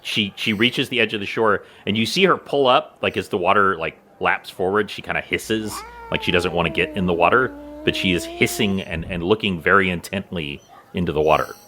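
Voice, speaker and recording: A man narrating as game master of a tabletop game, lively and laughing easily. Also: deep voice, fairly quick, slight background noise.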